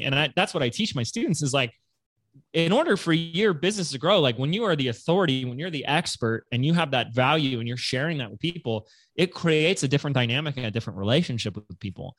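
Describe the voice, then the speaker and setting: Animated male storyteller, dry sound. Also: a little high, quick pace, dry recording. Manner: animated storyteller, acts out voices in quotes. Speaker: guest entrepreneur. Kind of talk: casual storytelling interview.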